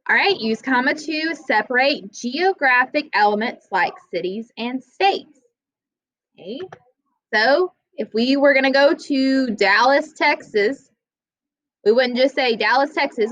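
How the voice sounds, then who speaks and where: A woman teaching a classroom grammar lesson, plainly explaining rules and slowly reading out example sentences. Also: sits high, expressive, a bit bright, no room sound, muffled recording.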